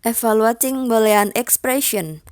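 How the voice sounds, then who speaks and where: A young woman, a student, slowly reading out a lesson on formulas term by term, with long pauses between the terms. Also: fairly high pitch. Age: young adult. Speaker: student presenter. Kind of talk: slow read-aloud lesson.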